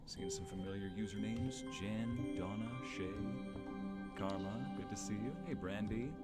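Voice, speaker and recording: Over loud music, a man with a lowish voice streams live at a normal pace, chatting casually into his home desk microphone. He laughs easily and calls out viewers by name, acting as both streamer and narrator.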